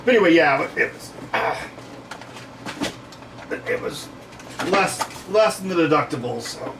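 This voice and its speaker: A man's voice: on the high side, lively intonation, a little slow, noisy background. A man hosting a livestream, telling stories in a rambling, digressive way, correcting himself and laughing often while he works. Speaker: livestream host. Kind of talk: rambling casual chat while working.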